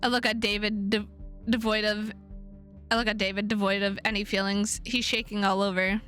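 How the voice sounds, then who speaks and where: A woman streamer playing a visual novel, reading the narration aloud with playful, animated asides. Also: mid-range voice, normal speed, faint music behind.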